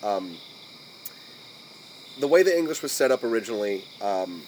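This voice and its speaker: An American man with a General American accent hosting a podcast in casual chat. He rambles, restarts often, and fills his talk with "like", and his voice jumps high when he is amused. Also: very animated, moderate pace, a little mellow, slight background noise, rough recording. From United States. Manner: rambling, many restarts and "like" fillers. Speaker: podcast host.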